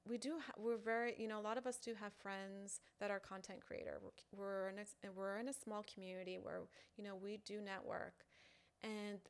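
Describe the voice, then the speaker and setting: A woman talks straight to her fans in a relaxed, unscripted way. She often pauses and restarts, leaning on little fillers as she explains herself. Her voice sits at an ordinary middle pitch for a woman. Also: smooth. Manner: chatty, halting, full of "you know" fillers. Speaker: online content creator. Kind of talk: casual direct-to-camera talk.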